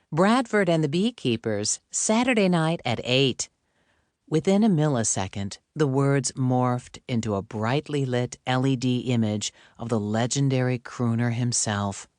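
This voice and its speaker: A scripted audiobook is read by a man at medium pitch in a measured, even storytelling style. The recording is dry and clean, made in a studio.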